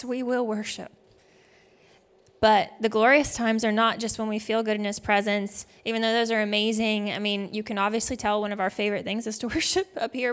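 A woman speaking as a worship leader, telling a heartfelt story in a conversational devotional talk. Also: fairly high pitch.

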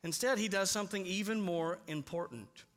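A man preaching a sermon in a church, emphatic and slowing down on key points. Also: sits high, a bit bright. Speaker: pastor. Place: church sanctuary. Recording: long hall reverb.

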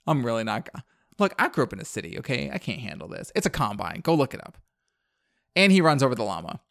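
A man's voice: medium pitch, big pitch swings, fast, gravelly, fairly bright tone. Guy on a podcast going over a movie plot, says like a lot, rambly and amused. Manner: rambling, heavy use of "like", laughs at his own recap. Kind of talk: casual chat recapping a movie.

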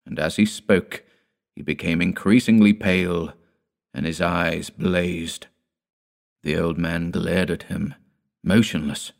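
A man narrating a gothic tale in the first person, in a measured, dramatic storytelling manner. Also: low-pitched, fairly even intonation, vocal fry. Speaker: audiobook narrator.

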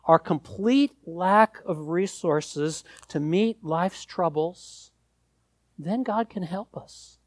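A man preaching a sermon, slow and deliberate, leaning hard on key words. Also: high-pitched, no room sound, clean studio sound.

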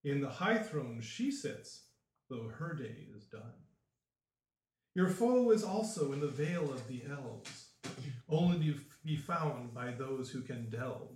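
A man voicing an ancient female spirit oracle who chants a rhyming prophecy slowly and solemnly in a tabletop game. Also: mid-range voice, darkish tone, natural voice. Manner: slow, solemn chanting in rhyme. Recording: roomy echo.

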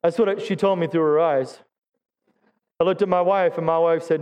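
Man, pastor, high voice, Pentecostal sermon, calls out to the congregation, self-deprecating jokes. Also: steady tone, moderate pace, clear, resonant tone, highs cut off. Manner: exhorting, calls for audience response. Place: church sanctuary.

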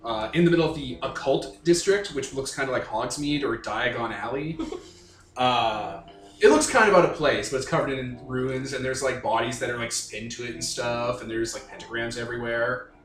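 A man's voice: medium pitch, moderate pace, a bit bright, reverberant, faint music behind. A man narrating as game master, rambling through descriptions with lots of fillers.

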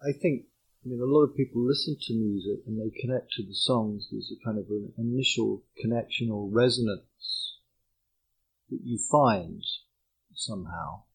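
A man's voice: lowish voice, normal speed, gravelly, husky. A man being interviewed, musing aloud and reaching for images as he talks. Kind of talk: conversational answer. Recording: dull lo-fi recording.

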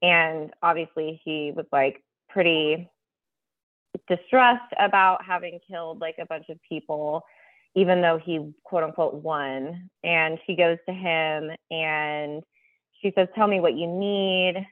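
A woman in a casual book-club chat, unhurried and giggly. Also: low-pitched, no room sound. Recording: dry, tinny phone-like line.

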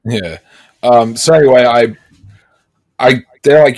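A man co-hosts a casual podcast at medium pitch, speaking a little slowly with long pauses. His storytelling rambles, and he turns animated when reenacting what others said.

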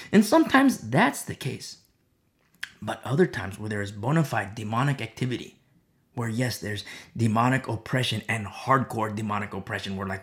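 Impassioned gravelly male preacher. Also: lowish voice, lively intonation, normal speed. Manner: impassioned, repetitive, swings between loud and hushed. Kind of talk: sermon.

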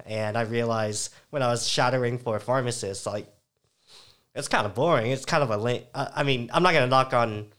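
A man's voice: on the low side, a bit bright. A young man in his twenties, chatting casually and laughing often, in a laid-back slangy way. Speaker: guest, breakdancer. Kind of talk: casual chat.

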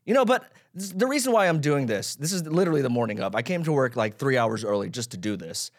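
A man's voice: mid-range voice, animated, quick pace. A man in his thirties hosting his own podcast, ranting casually about himself, swearing and rambling. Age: 30s. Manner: self-deprecating, swearing, rambling. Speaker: podcast host. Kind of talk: casual solo rant.

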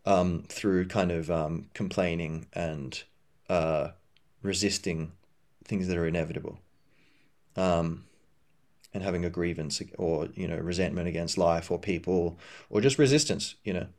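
A man with a fairly low voice hosts a podcast in a loose, reflective monologue. He rambles, restarts his sentences and fills the gaps with "um" and "you know", now and then jumping up in pitch to act out an imagined inner voice. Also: steady tone, a little slow, darkish tone. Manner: rambling, full of fillers and restarts. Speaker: podcast host.

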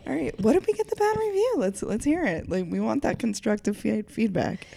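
A woman's voice: fairly high pitch, big pitch swings, fairly quick, vocal fry, mellow, slight background noise. A woman co-hosting a podcast at home, talking casually. She jokes around and giggles between remarks. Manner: joking, giggly. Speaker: podcast co-host. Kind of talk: casual chat.

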